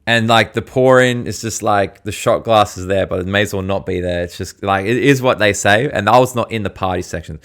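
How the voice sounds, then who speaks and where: A man's voice: on the low side, a little fast, few pauses, a bit bright. An Australian man co-hosting a podcast, telling rambling stories in casual slang, full of fillers. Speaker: podcast co-host.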